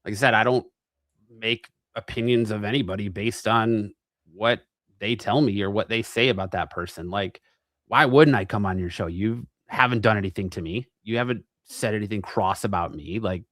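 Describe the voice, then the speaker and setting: A man's voice: fairly low pitch, moderate pace, a bit bright, no room sound. A man from Arizona, a guest on a talk show, rambling crudely and mocking himself. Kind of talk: casual chat.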